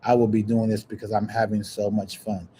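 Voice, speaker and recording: A man hosting a podcast, chatting casually and preaching encouragement in a warm, churchy way. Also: lowish voice, little pitch movement, fairly quick, a little hiss or hum. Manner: warm, churchy, breaks into laughs and sing-song. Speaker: podcast host. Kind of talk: casual livestream chat, preachy sign-off.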